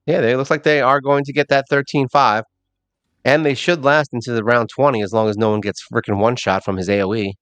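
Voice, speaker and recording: A man hosting a mobile game channel, giving casual, rambling gameplay commentary and thinking out loud with a self-mocking streak. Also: medium pitch, fairly even intonation, brisk, clean tone, no echo.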